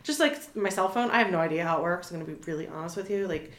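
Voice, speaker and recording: A talkative woman in her thirties with a fairly low voice, chatting as an interview guest. She rambles through fillers and restarts with an easy laugh. The room sounds echoey. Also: very fast. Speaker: animal communicator guest. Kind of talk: casual interview chat.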